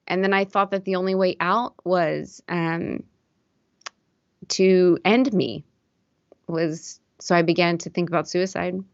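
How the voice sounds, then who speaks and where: A woman's voice: on the low side, no echo, dull audio. A woman in her forties, a podcast guest, giving an earnest and emotional personal testimony with many fillers.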